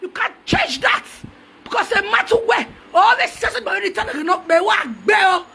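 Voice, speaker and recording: A Nigerian social media personality shouts a heated, mocking rant, taunting throughout and switching between languages. Her very high voice has a sharp, gravelly edge, and she speaks at a moderate pace over slight background noise.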